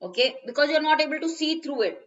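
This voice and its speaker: Bright-voiced Indian woman teaching English. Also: sits high, animated, fast, lo-fi sound. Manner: explains word meanings step by step, mixing in Hindi. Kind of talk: live online exam-prep lesson. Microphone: phone.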